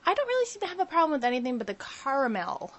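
A young woman co-hosts a laid-back podcast, her fairly high voice bouncing up and down as she tells stories. She giggles often and acts out what people said along the way. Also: racing. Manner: giggly, animated storytelling with acted-out quotes. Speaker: podcast co-host. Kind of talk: casual chat.

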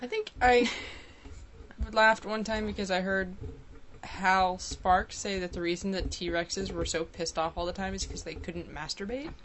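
A woman's voice: medium pitch, fairly even intonation, unhurried, slight background noise. A woman co-hosting a casual podcast, bantering in a dry, teasing way. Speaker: podcast co-host. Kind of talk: casual chat.

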